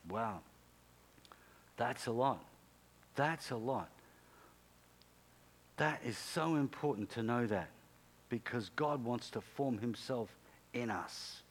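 A man's voice: medium pitch, slow pace, pauses often. A male pastor preaching a sermon in an emphatic, repetitive way, punctuated by sudden exclamations.

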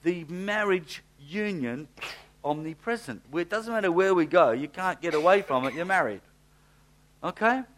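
Animated male preacher. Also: high-pitched, moderate pace, slight background noise. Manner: animated storytelling, swinging from loud to hushed. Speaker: pastor. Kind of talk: sermon.

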